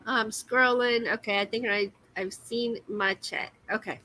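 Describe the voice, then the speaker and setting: A woman's voice: fairly high pitch, steady tone, measured pace, pushed and bright, a little hiss or hum, rough recording. A woman, hosting a casual livestream chat while crocheting, giggly and self-deprecating. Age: 50s. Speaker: livestream host.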